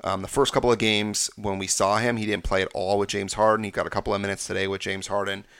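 Low-voiced man breaking down basketball. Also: little pitch movement, creaky, a bit bright, clear, resonant tone, dry recording. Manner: confident, rapid-fire breakdown of stats. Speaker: podcast host. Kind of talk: casual sports podcast analysis.

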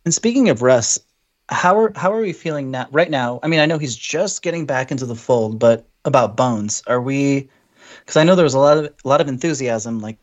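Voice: mid-range voice, lively intonation, a little fast, dull audio. A podcast co-host chatting casually about basketball with playful, joking asides. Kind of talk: casual sports podcast chat.

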